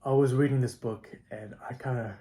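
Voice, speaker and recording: A teenage high school student talking casually to camera, swearing often and getting fired up, with lots of filler words. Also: male voice, fairly even intonation, fairly quick, dark tone. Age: teens. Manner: profane, hyped, heavy "like" and "not gonna lie". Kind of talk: casual vlog monologue.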